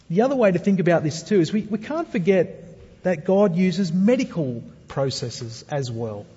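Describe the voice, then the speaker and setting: The pastor's voice sits on the high side, warm and husky, as he earnestly preaches and puts rhetorical questions to the congregation. Long hall reverb and a dull sound color the recording.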